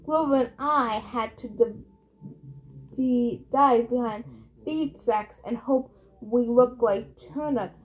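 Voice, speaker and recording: A woman reading a novel aloud in steady first-person narration. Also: fairly high pitch, slow pace, low-quality recording. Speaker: audiobook reader.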